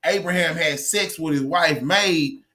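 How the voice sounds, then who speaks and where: A man's voice: fairly high pitch, a little slow, bright, forceful tone. A man giving a blunt, profane opinion monologue, lecturing his audience and hammering his points home by repeating them. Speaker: commentary channel host.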